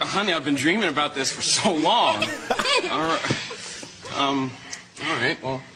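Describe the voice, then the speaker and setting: A stammering, flustered husband. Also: male voice, on the high side, sing-song, unhurried, gravelly, very noisy, heavily acted. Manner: stammering, hesitant. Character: flustered, eager husband caught off guard. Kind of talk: TV sketch comedy acting. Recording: TV sketch with loud studio audience laughter.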